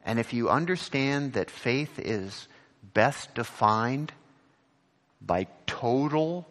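A man's voice: animated, takes it slowly, fairly bright tone, long reverb tail. A man preaching a sermon as pastor, earnest and repeating his words as he reads from scripture. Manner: earnest, repeats words, rises in pitch on questions.

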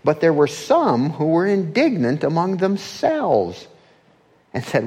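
Male pastor, conversational sermon delivery, frequent "right?" asides, mid-range voice that lifts when animated. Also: normal speed. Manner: conversational, often asks "right?" and rises in pitch when animated.

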